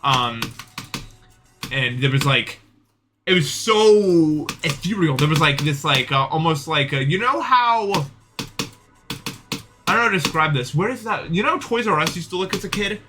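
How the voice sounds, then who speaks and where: A man's voice: fairly high pitch, expressive, normal speed, long pauses. A young man streaming, telling a long dream in casual chat, rambling with many fillers and restarts. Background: background music.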